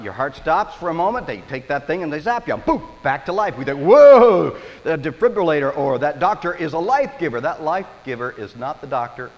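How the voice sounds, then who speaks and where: A man preaching a sermon as pastor, telling stories with animated, dramatic delivery. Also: medium pitch, long reverb tail, slight background noise, poor audio.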